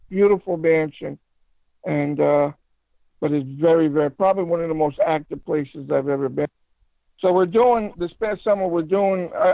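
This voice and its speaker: A man telling a paranormal story in a casual phone interview, rambling and halting with many restarts. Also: fairly high pitch, no room sound. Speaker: paranormal investigator guest. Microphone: phone call. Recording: tinny phone line, fry.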